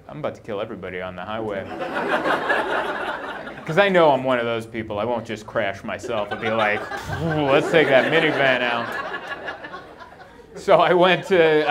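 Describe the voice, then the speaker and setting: A male stand-up comedian telling a long self-deprecating story on stage, acting out his own thoughts. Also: mid-range voice. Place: comedy club stage before a live audience. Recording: live show with clear audience laughter.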